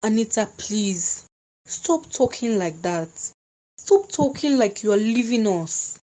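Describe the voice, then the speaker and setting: A woman voicing a devoted young friend in a cartoon drama, hushed and pleading. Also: on the high side, lively intonation, takes it slowly, poor audio.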